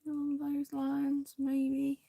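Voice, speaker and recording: A woman hosting a crafting video, chatting casually and indecisively to viewers, now and then dropping into soft half-whispered asides. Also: sits high, completely flat delivery, slow pace, creaky, no room sound.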